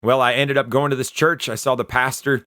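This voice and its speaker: A man giving an earnest, conversational personal testimony, often pausing and restarting as he tells his story. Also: medium pitch, fairly even intonation, pushed and bright, no echo, studio quality. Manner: earnest, conversational, halting retelling. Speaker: Christian testimony speaker.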